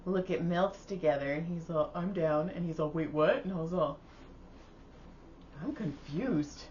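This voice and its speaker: A woman's voice: lowish voice, steady tone, brisk, a little mellow. A woman hosting a casual podcast, telling chatty stories and laughing often. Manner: giggly, chatty storyteller. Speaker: podcast host. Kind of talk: casual chat. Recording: slightly dull audio with faint hiss.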